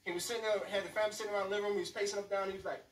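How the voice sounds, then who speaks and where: A man's voice: high voice, very fast. A man performing a stand-up comedy set on a club stage, telling stories animatedly and slipping into voices. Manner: animated, storytelling, lots of voices. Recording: roomy club sound from far off, faint room noise.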